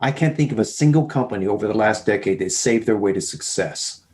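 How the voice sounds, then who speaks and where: A sales leader, appearing as a podcast guest, tells animated sales stories in an interview, acting out both sides of the dialogues. His voice is lowish and fairly quick.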